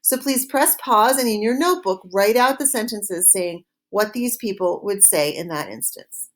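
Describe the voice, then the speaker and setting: A woman teaching a recorded French lesson, modeling phrases slowly and clearly for students to repeat. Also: mid-range voice, lively intonation.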